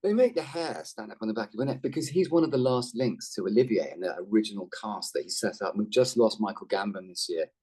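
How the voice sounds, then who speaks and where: A middle-aged actor chatting on a video call, a rambling, self-deprecating storyteller with a lively delivery. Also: male voice, lowish voice, quick pace, hardly any pauses, husky. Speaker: actor guest. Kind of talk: casual interview chat.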